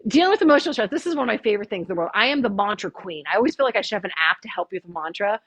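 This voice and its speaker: Husky-voiced woman leading a workshop. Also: medium pitch, animated, very fast, no room sound. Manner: chatty and upbeat, guiding breathing counts. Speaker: chiropractor leading a stress workshop. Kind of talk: live workshop talk. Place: small room with a live audience.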